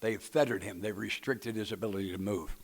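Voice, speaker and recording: A man's voice: lowish voice, brisk, breathy edge. A man from Tennessee, leading a recovery book study and talking to a group in a plainspoken, folksy way with jokes for the audience. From Nashville, Tennessee. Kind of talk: speaker-meeting talk to a group.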